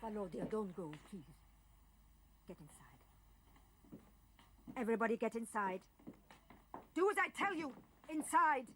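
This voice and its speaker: A woman's voice: mid-range voice, a little slow, long pauses, a little hiss or hum, close to an everyday voice. An actress playing an anxious woman urging people back inside in a TV movie. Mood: urgent. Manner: urgent pleading and ordering. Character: anxious woman, revolutionary's wife.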